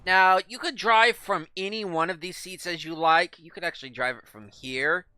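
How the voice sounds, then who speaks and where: Male gaming commentator, bright and crisp tone, casual, rambling with fillers. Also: high-pitched, moderate pace, no room sound. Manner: rambling, thinks aloud with many fillers and restarts. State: speaking with his mouth full. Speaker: gaming video creator.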